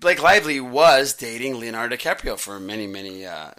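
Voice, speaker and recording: A man's voice: mid-range voice, brisk, sharp tone. A young man co-hosting a podcast, rambling and telling jokes in casual chat. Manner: joking, rambling storyteller. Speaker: podcast co-host.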